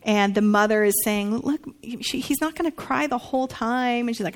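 A woman preaching to a congregation, telling a story with lively acted-out quotes. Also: mid-range voice, quick pace, hardly any pauses. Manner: animated storytelling, acts out quotes. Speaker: pastor. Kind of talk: sermon dialogue.

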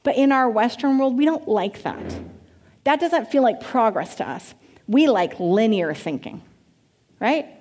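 Lady teaching church class, kinda high voice, animated, asks the crowd stuff. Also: measured pace. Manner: animated, asks the congregation questions. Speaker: pastor or Bible teacher.

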